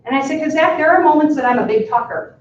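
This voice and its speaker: A woman teacher giving a talk to fellow educators, telling classroom stories in a lively way and acting out the dialogue. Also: sits high, quick pace, far from the mic, slight background noise. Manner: lively storytelling that acts out dialogue. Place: school presentation room. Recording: echoey room, voice from afar, muffled sound.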